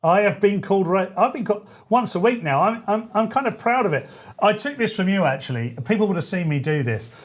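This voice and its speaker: A man's voice: sits high, expressive, fairly quick, hardly any pauses. A man hosting a talk radio show, chatty and rambling, often correcting himself mid-sentence. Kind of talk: casual talk radio chat.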